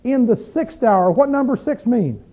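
High-voiced man teaching Bible study, tinny sound. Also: lively intonation, measured pace. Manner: emphatic, questions the group, rises when stressing points. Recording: tinny phone-like recording.

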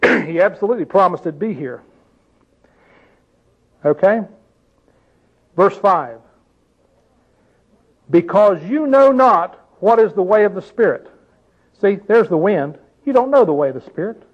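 A man's voice: sits high, lively intonation, measured pace, pauses often, slightly rough. An older man preaching a sermon in a conversational way, often asking his listeners questions. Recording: dull lo-fi recording.

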